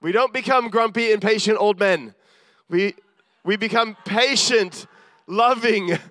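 A man's voice: high-pitched, measured pace, sharp tone, dry recording, clean studio sound. A man preaching a sermon in an earnest, self-deprecating way, acting out the voices of the people he quotes.

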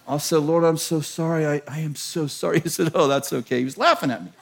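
A middle-aged American pastor preaching a sermon to a church, telling a story with laughter and self-mocking humor. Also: male voice, on the high side, fast talker, creaky. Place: large church.

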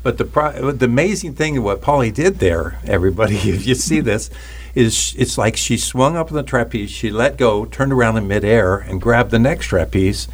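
Male host, expressive pitch, talks in pictures for the viewers. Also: moderate pace, a little hiss or hum. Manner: animated, uses imagery to explain. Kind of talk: Christian talk show hosting.

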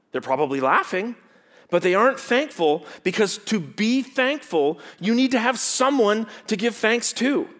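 His voice sits high as this pastor delivers an animated, teacherly sermon. He throws rhetorical questions at the congregation and shifts from loud emphasis down to quiet stresses.

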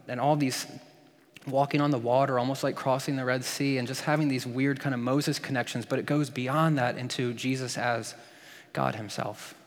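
A man's voice: mid-range voice, big-room sound. A man preaching a sermon as a pastor, playful and joking with asides.

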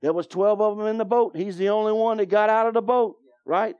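A man's voice: sits high, fairly even intonation, a little fast, darkish tone, dull audio. A man preaching a sermon as pastor, emphatic and drawing responses from the congregation. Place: church.

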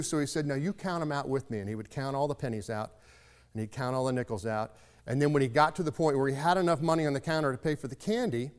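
A man's voice: mid-range voice, clear, resonant tone, big-room sound. A man giving a sermon, telling a folksy story in a reflective, conversational way. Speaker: preacher.

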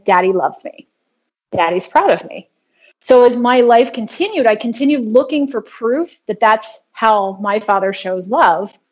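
A woman guest in a conversational interview who explains her wellness work in an earnest, brisk way. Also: fairly high pitch, husky. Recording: dull lo-fi audio.

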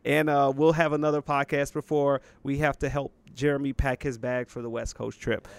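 A young man hosting a casual sports podcast, opinionated and quick to laugh. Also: mid-range voice, flat delivery, gravelly, smooth, no echo. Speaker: podcast host.

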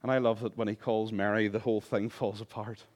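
A man preaching a sermon as pastor, passionate, swinging between hushed and loud, with humorous asides. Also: lowish voice, level tone, fairly quick.

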